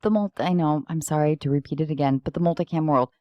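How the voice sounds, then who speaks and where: Woman host, casual and playful, slightly low voice, dry close-miked sound. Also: fast talker, dry recording, lo-fi sound. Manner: chatty, playful, rambling with frequent laughs. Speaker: podcast host. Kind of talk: casual chat. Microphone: close podcast microphone.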